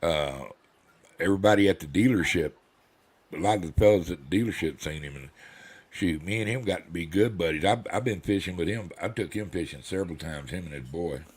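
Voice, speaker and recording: An older man hosting a casual chat speaks a little fast in a low voice with a breathy edge. He's a rambling, folksy storyteller with an ornery drawl who acts out the voices in his stories.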